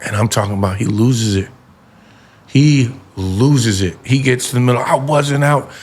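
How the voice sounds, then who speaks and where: Low-pitched man, earnest podcast host. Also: moderate pace, darkish tone, husky. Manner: earnest, heartfelt storytelling. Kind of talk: casual podcast conversation.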